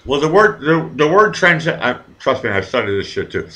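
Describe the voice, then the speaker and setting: On a rough recording, a man with a medium-pitched voice speaks a bit quickly as the host of a live talk show. He chats casually, launching into animated, digressive stories loaded with profanity.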